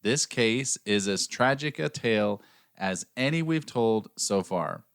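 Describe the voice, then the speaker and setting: Host: lower-pitched man, dry close mic, narrates with wry humor. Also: expressive, a little slow, vocal fry, clean tone, no echo. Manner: jokey, wry asides while reading the case. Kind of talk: casual podcast chat with scripted narration.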